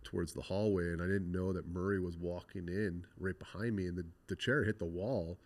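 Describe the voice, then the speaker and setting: A man with a deep, low-pitched voice speaks as an interview guest. His telling is candid and conversational. He swears without holding back and acts out what others said in quoted dialogue. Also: steady tone, fairly quick. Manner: blunt and frank, swears freely, retells scenes with quoted dialogue.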